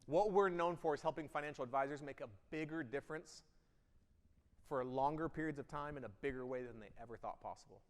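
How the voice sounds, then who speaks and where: A man delivering a keynote to a room of listeners, talking quickly in a voice pitched a bit high. He pushes hard on key lines and then drops to quiet intensity. The sound carries a long reverb from a large hall. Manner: emphatic, swings between loud bursts and quiet intensity. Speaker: keynote speaker. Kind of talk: energetic keynote speech with audience interaction. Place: event hall.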